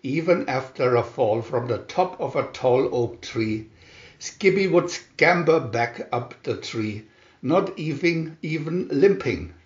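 A man reading a children's storybook aloud in a lively storytelling manner. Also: medium pitch, takes it slowly. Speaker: storybook reader. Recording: roomy, dull lo-fi home recording.

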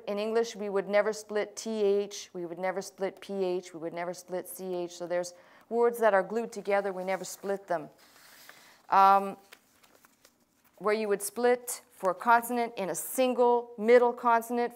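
A woman's voice: medium pitch, steady tone, moderate pace, smooth. Woman pastor giving a patient Hebrew lesson. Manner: patient, explanatory, with frequent fillers. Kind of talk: classroom lecture.

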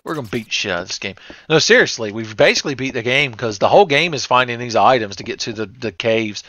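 A man's voice: mid-range voice, fairly bright tone, no room sound. A man giving sarcastic, crude, joking commentary while playing a retro horror game. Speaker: let's play host. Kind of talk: comedic let's play commentary. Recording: slightly dull lo-fi mic with faint hiss.

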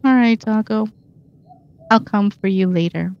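A woman's voice: medium pitch, unhurried, a little mellow, dull audio, a little hiss or hum. Chatty woman narrating her gameplay. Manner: chatty, self-mocking, reacts aloud to the game. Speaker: gameplay streamer. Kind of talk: casual let's-play commentary.

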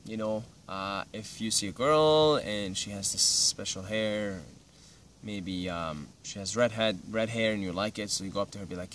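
A man's voice: lowish voice, moderate pace, a bit bright. Young man from Syria, easygoing vlogger, chatty and meandering, recorded from a slight distance with faint ambient noise. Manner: laid-back, rambling, peppered with "you know" and "right". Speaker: vlogger giving advice. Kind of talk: casual advice monologue.

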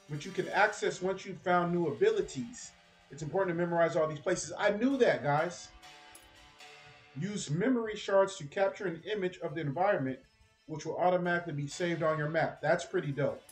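A man doing casual, excitable gameplay commentary as a streamer, chatty and cursing at enemies. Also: high-pitched. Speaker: gaming streamer.

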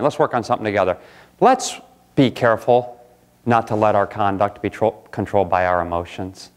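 A pastor preaching a sermon in a church, jumping from loud outbursts to quiet asides. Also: male voice, mid-range voice. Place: church sanctuary.

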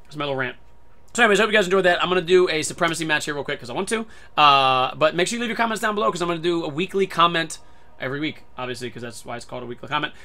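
A man's voice: on the high side, racing, sharp tone. A man hosting a gaming channel, giving casual gameplay commentary full of swearing and irritable rants.

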